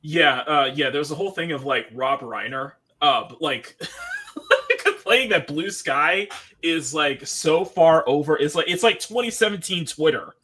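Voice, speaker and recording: A man's voice: fairly high pitch, animated, unhurried, pushed and bright, breathy edge. A man hosting a casual livestream chat, laughing often and reading out chat messages. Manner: chatty, laughs often, reads chat aloud. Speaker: livestream host.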